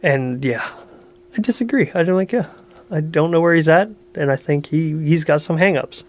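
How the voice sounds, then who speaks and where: A man's voice: fairly high pitch, moderate pace. Profane, blunt podcast co-host, man. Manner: blunt and profane, laughs often. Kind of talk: casual chat.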